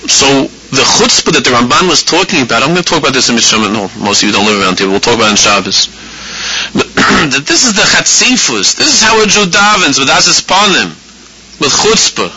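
A man teaching a spoken religious lesson to a live audience, animated, often repeating phrases and acting out inner voices. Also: mid-range voice, normal speed, a little hiss or hum, poor audio. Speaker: rabbi teaching a class.

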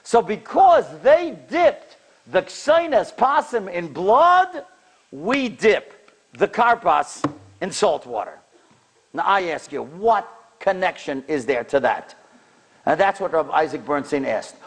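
Animated high-voiced rabbi telling stories. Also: male voice, takes it slowly. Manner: animated, acts out the people in his stories with big jumps in pitch and loudness. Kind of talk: sermon storytelling.

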